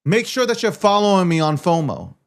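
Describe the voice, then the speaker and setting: A man's voice: sits high, very animated, a little fast. A man hosting a live crypto stream, talking in a brash, profane, boastful way. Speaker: show host.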